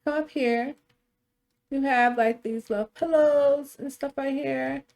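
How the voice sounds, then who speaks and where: A woman's voice: high-pitched, fairly even intonation, a little slow, gravelly, a little mellow. A young woman casually narrating a life-sim game story, loose and chatty, with offhand swearing. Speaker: gameplay storyteller.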